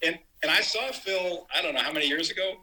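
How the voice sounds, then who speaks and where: A man's voice: fairly high pitch, quick pace, background noise. A middle-aged man, a former sportswriter and guest on an interview show, telling stories casually and animatedly, acting out quotes with many restarts. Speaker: guest, former basketball writer.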